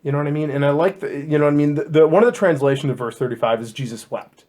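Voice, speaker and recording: A man with a fairly high voice hosts a casual Bible discussion podcast. He is animated and jokey, and he stumbles over his words and repeats himself as his thoughts run ahead. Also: rapid-fire. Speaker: podcast host.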